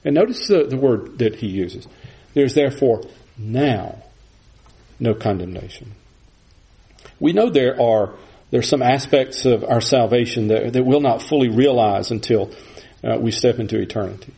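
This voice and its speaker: A man's voice: medium pitch, normal speed, creaky, mellow, rough recording. A man preaching an earnest expository sermon, often restarting his phrases as he explains a verse. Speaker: pastor.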